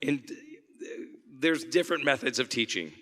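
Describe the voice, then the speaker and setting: A chatty man talks easily with his audience on a convention panel, laughing often and circling back mid-sentence. His voice is bright and forward. A long hall reverb hangs behind him. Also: medium pitch, expressive, moderate pace. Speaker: voice actor panel guest.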